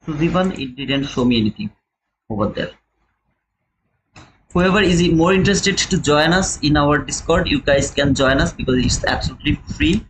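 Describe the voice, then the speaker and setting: This day-trading streamer is a young man with a non-native English accent whose voice sits fairly high and moves at a moderate pace. Walking viewers through a chart step by step, he chats, repeats his key points and keeps calling them "brother." Sound quality is poor, with slight hiss or hum.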